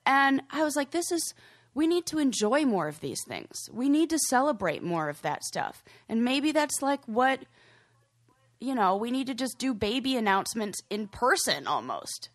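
A woman's voice: a little high, big pitch swings, moderate pace. Gushing, emotional woman podcast host. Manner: effusive, gushing storyteller. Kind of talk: casual chat.

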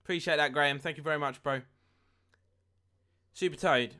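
A young man live-streaming a football game, chatting with viewers and getting excited at near misses. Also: on the high side, normal speed. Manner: chatty, reads chat aloud, excitable at goals. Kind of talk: live gameplay commentary and chat.

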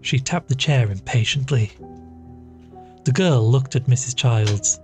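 A man reading a classic short story aloud as a podcast narrator, measured and even. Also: medium pitch. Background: faint music.

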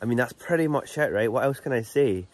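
A man's voice: mid-range voice, lively intonation, quick pace, no room sound. Chatty young Scottish man vlogging. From Scotland. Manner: chatty, easygoing, rambling. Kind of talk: casual vlog chat. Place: car camping outdoors by a loch.

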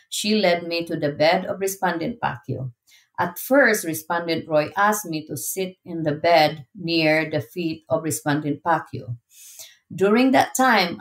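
Woman reading an affidavit, low voice. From Philippines. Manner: steady, measured reading. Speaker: vlogger. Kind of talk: reading a legal affidavit aloud.

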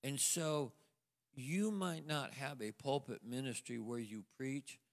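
An older man, a guest minister telling a testimony with halting restarts. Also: medium pitch. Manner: storytelling, halting restarts, acts out quoted voices. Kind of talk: sermon testimony to a congregation. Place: church sanctuary. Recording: long church hall reverb.

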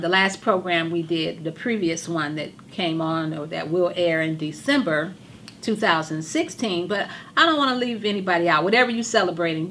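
Hoarse woman hosting a gospel show. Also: mid-range voice, sharp tone, a little hiss or hum. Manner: fervent, repetitive, preachy emphasis. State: hoarse, losing her voice. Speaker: TV show host. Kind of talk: religious talk show monologue.

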